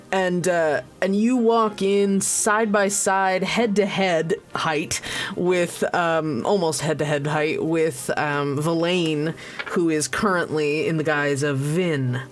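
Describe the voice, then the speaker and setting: A woman narrating as game master, rambling with many restarts and laughs. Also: low-pitched. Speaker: dungeon master. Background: faint music.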